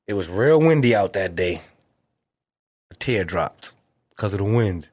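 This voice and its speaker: Animated middle-aged man. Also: normal speed, long pauses, no echo, studio quality. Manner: animated, acts out quotes with big pitch jumps; profane, slangy. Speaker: guest. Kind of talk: casual storytelling.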